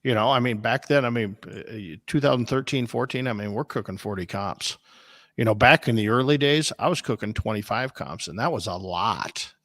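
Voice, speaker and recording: A man's voice: mid-range voice, moderate pace, no room sound, clean studio sound. Man telling rambling competition stories. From Des Moines, Iowa, US. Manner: rambling, animated anecdotes with restarts. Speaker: barbecue competition cook, guest. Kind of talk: casual storytelling on a podcast.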